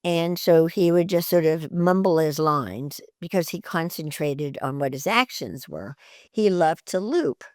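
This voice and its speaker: An older actress guesting in an interview tells lively anecdotes, laughs often and acts out the voices of people in her stories. She speaks low and unhurried in clean studio sound with no echo.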